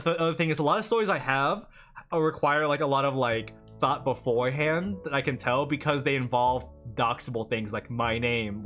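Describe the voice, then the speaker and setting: A chatty male streamer rambles through casual livestream talk and laughs often. His voice is bright and forward. Soft guitar music plays faintly behind him. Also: mid-range voice.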